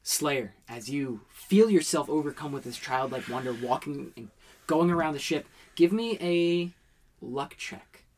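A man's voice: a little high, lively intonation, measured pace, darkish tone. A man as game master, narrating a tabletop roleplaying scene in a descriptive, dramatic way.

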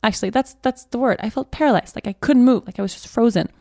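A young adult woman hosting a podcast, telling a personal story in a halting way, often restarting and repeating herself. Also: a little high, creaky, a little mellow, dry recording, studio quality. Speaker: podcast host.

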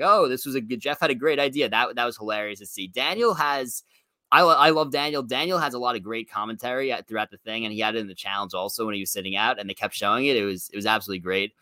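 A man's voice: medium pitch, sharp tone, dry recording, clean studio sound. A man co-hosting a casual recap podcast, rambling along and filling his sentences with "you know" and "um". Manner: rambling, fills every pause with "you know". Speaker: podcast co-host.

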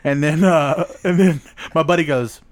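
A man's voice: a little high, moderate pace, a crowd in the background. A young man telling crude, funny stories in casual chat and acting out the people in them. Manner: crude, laughing, acts out voices in stories. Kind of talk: casual storytelling.

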